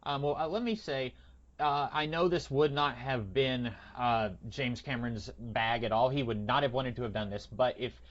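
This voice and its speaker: Brief: male podcast host, mid-pitched, rambling and opinionated, slightly dull lo-fi audio. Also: normal speed. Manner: rambling, opinionated, frequent hesitations. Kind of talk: casual movie discussion.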